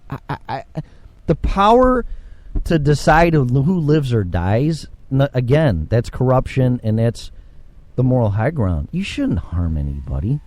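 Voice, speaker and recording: Man, show host, solo rant, blunt, profane, repeats himself, heated at times, middle pitch. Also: big pitch swings, unhurried, a little mellow, dry recording. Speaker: podcast host. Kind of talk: casual ranting monologue.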